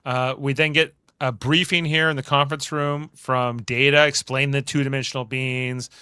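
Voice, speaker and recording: A man's voice: mid-range voice, flat delivery, moderate pace, pushed and bright, clean tone. A man hosting a podcast, recapping a TV episode in a chatty, rambling way. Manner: chatty, rambling, many fillers. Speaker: podcast host.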